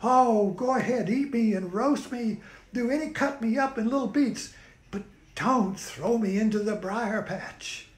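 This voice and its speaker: A prickly, proud folk-tale rabbit voiced by a man, raising his voice higher to demand respect. The voice rings in an echoey room. He sounds like a storyteller playing the part. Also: unhurried. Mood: mock pleading. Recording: roomy echo.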